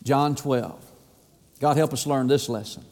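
A man's voice: mid-range voice, unhurried. Man preaching in an echoing church. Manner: emphatic preaching, repeats phrases, swings loud and soft. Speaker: pastor. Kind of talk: sermon. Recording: long reverb of a church hall.

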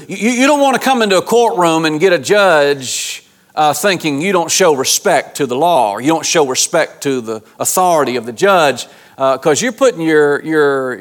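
A man preaching a sermon as pastor, speaking earnestly and colloquially straight to the congregation, often repeating and restarting words. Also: a little high.

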